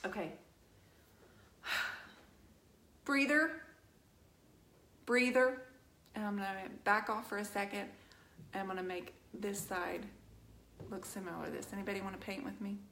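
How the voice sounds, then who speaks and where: A woman's voice: medium pitch, fairly even intonation, measured pace, long pauses, fairly bright tone, slight background noise. Earnest woman painter in an echoey room. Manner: earnest, emphatic, speaks directly to viewers. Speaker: furniture painting instructor streaming live. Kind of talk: live painting stream chat. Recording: roomy echo.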